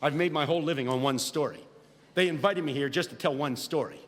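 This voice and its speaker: A preacher and guest speaker from Philadelphia, United States, delivers a humorous storytelling sermon to a live audience in a large hall. His slightly high voice moves quickly, with animated comic delivery that builds into shouted preaching. The hall is reverberant, with faint ambience.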